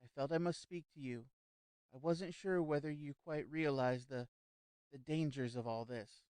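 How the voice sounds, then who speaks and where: A man's voice: a little high, normal speed, a little mellow, clear, resonant tone, no room sound, lightly acted. A man voicing an anxious, fussy society lady who hesitates and stumbles over her words. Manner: nervous, hesitant, stammering repeats.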